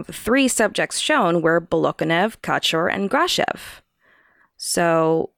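A woman's voice: fairly low pitch, creaky, dry recording, studio quality. A woman co-hosting a casual podcast, reading from prepared notes and laughing along with her co-host. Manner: reads prepared notes, laughs often at her co-host's jokes. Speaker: podcast co-host presenting the research.

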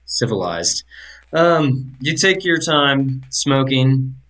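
A man's voice: medium pitch, takes it slowly, poor audio. Laid-back man running a tabletop game. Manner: relaxed, loose, descriptive. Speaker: game master.

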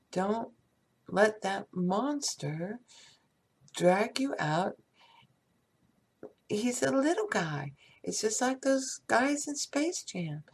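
A woman talking casually about faith and acceptance, rambling, with soft spoken affirmations. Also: medium pitch, vocal fry, husky. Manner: slow, meandering, soft affirmations. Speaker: spiritual speaker. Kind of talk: casual spiritual talk.

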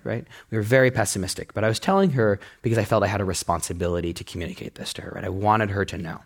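A young man telling a personal story in a talk, animated and laughing as he goes. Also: very fast, few pauses, breathy edge. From United States. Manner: animated, laughing storyteller who jumps up in pitch. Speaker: speaker giving a talk.

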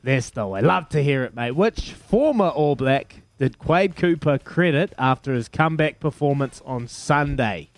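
A man's voice: medium pitch, expressive, a little slow, hardly any pauses, no echo. A man with a New Zealand accent hosting a radio call-in quiz, upbeat and bantering as he counts down the answers. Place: radio studio.

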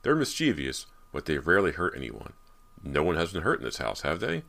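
Brief: narrator doing a level-headed dad, very deep voice, reassuring explanations. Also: male voice, wildly swooping pitch, fairly quick, creaky, fairly bright tone, exaggerated voice. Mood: calm. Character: calm, rational middle-aged father.

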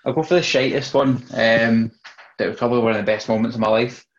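A man's voice: medium pitch, steady tone, quick pace, dull audio. A young Scottish man co-hosting a football podcast, telling stories casually and swearing freely. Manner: swears freely, storytelling with laughs. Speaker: podcast co-host. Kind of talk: casual chat.

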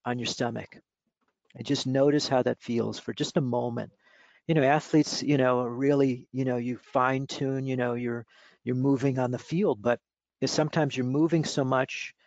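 A man speaking as a mindfulness coach in an interview, explaining exercises in a relaxed, instructive way with many fillers. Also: medium pitch, gravelly, no room sound. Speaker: mindfulness coach and author, guest. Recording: dull lo-fi audio.

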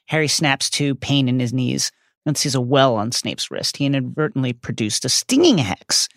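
Male podcast co-host with a mid-pitched, gravelly voice. Gives lively plot recaps with quotes read aloud. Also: normal speed, no room sound, studio quality.

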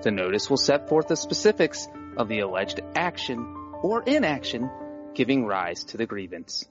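A man on a podcast giving a calm, carefully enunciated dramatic reading of a legal text. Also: medium pitch, moderate pace. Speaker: podcast guest, football writer. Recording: dull lo-fi sound with music underneath.

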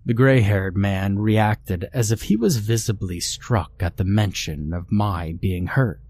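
A man narrating a scripted horror story in a slow, measured way. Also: fairly low pitch, darkish tone. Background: faint music.

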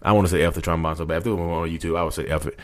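Man, 30s, very deep voice, quick delivery, fervent rambling rant, podcast host. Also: steady tone. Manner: rambling, repetitive, fervent, addresses listeners as y'all. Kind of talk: impassioned motivational rant.

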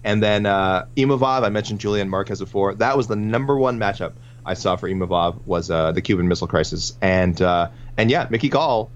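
A man's voice: on the low side, brisk, hardly any pauses. A man co-hosting a casual sports podcast, running through listener picks in a rambling, self-correcting way. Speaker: podcast co-host. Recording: muffled lo-fi with faint hum.

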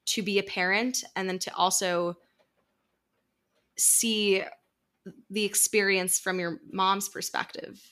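A woman's voice: medium pitch, fairly even intonation, slow, long pauses, a bit bright. A woman hosting a podcast, affirming her guest and reflecting thoughtfully. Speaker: podcast host. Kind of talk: interview conversation.

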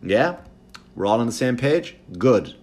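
Man, comedian podcast host, profane, animated storytelling, mid-pitched voice. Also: unhurried. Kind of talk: casual storytelling monologue.

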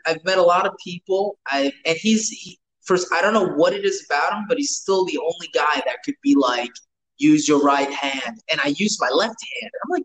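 A man's voice: high-pitched, a bit bright, low-quality recording. A man, telling rambling, profane stories with lots of restarts in a casual chat. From New York.

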